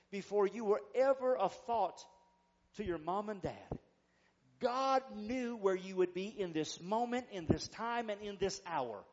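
A man's voice: sits high, lo-fi sound. A man preaching a sermon as pastor, fervent, leading the congregation in call-and-response.

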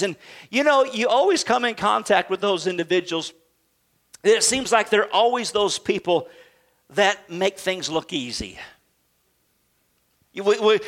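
A male pastor preaching a sermon with a call-and-response style, sometimes building to shouts. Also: high voice.

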